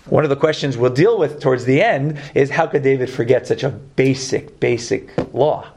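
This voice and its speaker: A man with a Brooklyn accent teaching a Torah class, lively, joking and putting questions to his students. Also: mid-range voice, moderate pace, vocal fry, a little hiss or hum.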